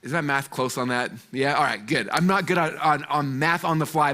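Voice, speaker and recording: A man in his forties speaking to a live seminar audience, telling a lively story full of fillers and acted-out voices. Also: a little high, normal speed. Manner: animated, acts out the voices in his stories, many fillers. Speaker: guest speaker at a business seminar.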